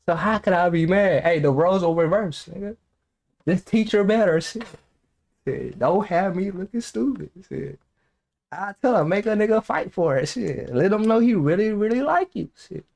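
A man's voice: high voice, moderate pace, gravelly. A young man hosting a reaction video, talking casually with lots of profanity, frequent laughter and rambling side stories. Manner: animated, profane, laughs often, rambling anecdotes.

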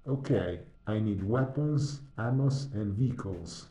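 Guy putting on a low slow action-hero voice, belgian french accent, deadpan, crowd noise behind. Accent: put-on Belgian French. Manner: slow, flat, deadpan delivery.

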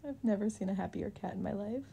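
A woman's voice: medium pitch, fast, vocal fry, warm tone, slight background noise. A woman narrating her pet video with chatty, amused asides. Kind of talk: casual pet vlog narration.

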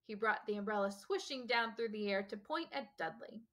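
A teacher reading a novel aloud in a steady, expressive storytelling manner. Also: female voice, medium pitch, brisk, hardly any pauses.

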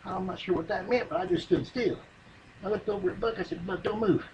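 A man's voice: sits high, a little fast, dull audio, slight background noise. A man telling a rambling, profane comic yarn in folksy, drawling speech. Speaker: comedian telling a story. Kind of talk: stand-up comedy monologue.

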